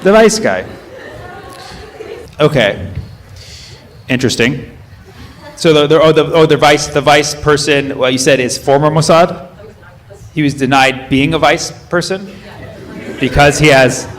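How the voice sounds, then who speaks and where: This male comedian does live crowd work on a comedy club stage, asking the audience questions and fixing his own sentences as he goes. He speaks in a mid-range voice. Audience laughter and murmur add slight background noise.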